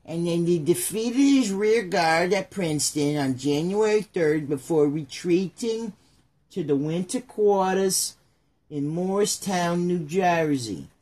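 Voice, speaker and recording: A man with a fairly high, husky voice hosts a podcast, drifting through history with jokes and tangents. His delivery is loose and rambling, full of puns. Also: measured pace, darkish tone. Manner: joking, rambling asides and puns. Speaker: podcast host. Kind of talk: casual comedic history chat.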